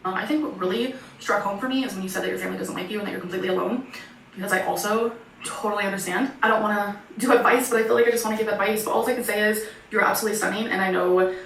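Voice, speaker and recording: A woman's voice: medium pitch, rapid-fire, creaky, a bit bright. A woman YouTuber reading viewer confessions aloud in a chatty way with giggly asides. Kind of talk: reading messages aloud, casual chat. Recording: echoey room, far from mic, faint hiss.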